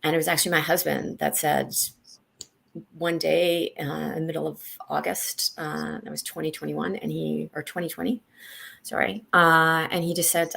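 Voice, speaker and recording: Low, gravelly-voiced woman sharing a personal story. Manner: halting, many restarts, animated when reliving moments. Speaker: guest, senior leader. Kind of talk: candid personal interview.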